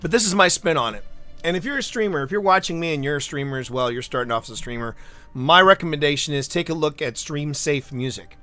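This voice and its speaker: A man's voice: fairly high pitch, quick pace, faint music behind. A man streaming live, chatting casually and telling stories with lots of restarts and asides. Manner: animated storyteller, rambling with restarts. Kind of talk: casual livestream chat.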